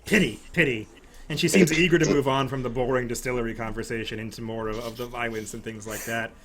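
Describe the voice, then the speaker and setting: A man's voice: medium pitch, steady tone, fast talker, a little hiss or hum. A man running a tabletop game as game master, narrating loosely with lots of fillers.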